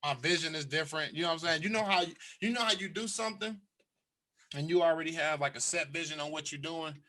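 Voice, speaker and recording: A man hosting a casual podcast, talking in an animated, slangy way about his goals. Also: on the high side, fast. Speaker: podcast host.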